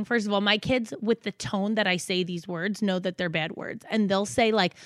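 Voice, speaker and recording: A young mother with a middle-height voice talks bluntly and swears without pause, acting out quotes as she goes. The sound is dry and close, with no room around it. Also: mid-range voice, fairly even intonation, a bit bright, clean tone, no room sound. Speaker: podcast co-host, mother. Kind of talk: casual chat.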